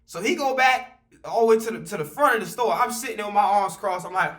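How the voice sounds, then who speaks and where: A young man telling a casual, animated, profane storytime story at home, with loose slang. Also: high-pitched, quick pace.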